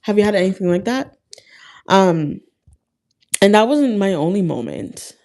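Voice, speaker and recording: A woman's voice: medium pitch, lively intonation, measured pace, dark tone. A young woman vlogger talking casually and earnestly to her viewers about faith, with lots of "like" fillers. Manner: chatty and heartfelt, frequent "like" fillers. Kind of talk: casual faith talk to camera.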